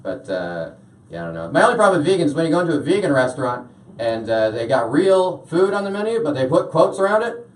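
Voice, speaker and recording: A young man doing a stand-up routine in a comedy club, deadpan, with lots of "uh" fillers. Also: fairly high pitch, fast talker. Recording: roomy club sound from a distance.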